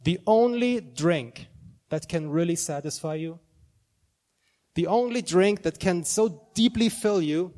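Earnest high-voiced male preacher. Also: a little mellow. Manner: earnest, building to fervent proclaiming. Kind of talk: sermon. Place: church.

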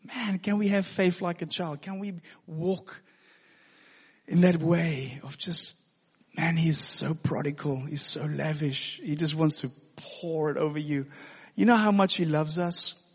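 A pastor telling a personal story in a sermon, earnest and given to laughing. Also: male voice, a little high, fairly even intonation, unhurried, slightly rough. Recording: long hall reverb.

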